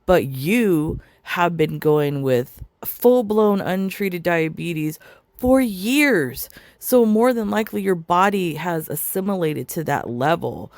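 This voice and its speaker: Low-voiced woman, sarcastic reaction commentator, swears freely, dry close mic. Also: expressive, slow, darkish tone, dry recording. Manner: sarcastic, mocking, swears often.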